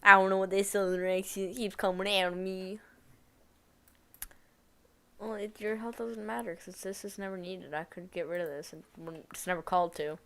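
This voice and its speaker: A woman game developer chats casually on a live stream while coding, muttering questions at her code and poking fun at herself. Her voice is medium-pitched and fairly bright, with a steady tone and moderate pace.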